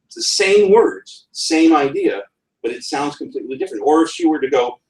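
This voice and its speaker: A man's voice: on the high side, animated, a little fast, a little mellow. Man presenting wryly in a roomy hall. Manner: wry asides, talks with a chuckle. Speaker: conference speaker. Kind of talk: presentation on writing. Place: conference room. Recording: roomy, from far off the mic.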